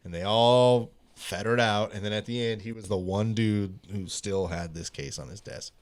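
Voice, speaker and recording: A man's voice: fairly low pitch, moderate pace. Man hosting a true crime quiz podcast. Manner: reads from notes, playful trivia quizmaster. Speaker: podcast host. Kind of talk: reading a true crime story and running a quiz. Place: podcast studio.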